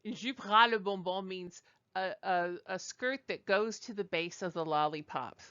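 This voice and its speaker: A woman teaching a language lesson over slides, explaining slowly and digressing as she goes. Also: medium pitch, fairly bright tone, smooth, dull audio. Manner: explanatory, digressive, with fillers and restarts. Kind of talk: recorded lecture over slides.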